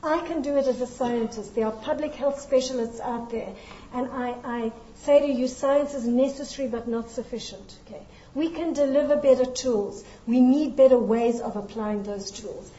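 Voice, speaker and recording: A woman's voice: fairly high pitch, moderate pace, dark tone, muffled recording, a little hiss or hum. Earnest South African woman lecturing in a roomy hall. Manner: earnest and emphatic, with frequent restarts. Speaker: scientist giving a lecture. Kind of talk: formal lecture to an audience.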